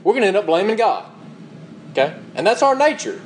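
Emphatic preacher man, slightly high voice. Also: very animated, brisk, slight background noise, poor audio. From United States. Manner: emphatic, rhetorical questions, reads King James scripture. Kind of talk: sermon.

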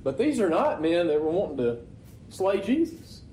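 A man preaches a sermon in an easy, conversational way and keeps checking in with the congregation through rhetorical questions. His voice sits a little high for a man. The recording has a roomy church echo and a faint hum of ambience. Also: very animated, moderate pace, dark tone. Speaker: pastor.

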